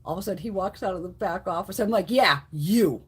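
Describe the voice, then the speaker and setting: A woman's voice: medium pitch, steady tone, very fast, darkish tone, slightly rough. A middle-aged woman hosting a beauty livestream, telling stories in a blunt, profane, casual way. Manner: profane, blunt storytelling with frequent swearing and laughs.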